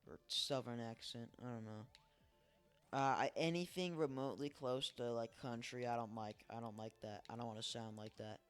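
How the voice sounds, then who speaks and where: A man's voice: mid-range voice, steady tone, normal speed, clear, resonant tone, faint music behind. A tired man giving casual, rambling, self-deprecating commentary while playing a game at his home setup on a desk microphone. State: tired, early morning. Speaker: let's play host.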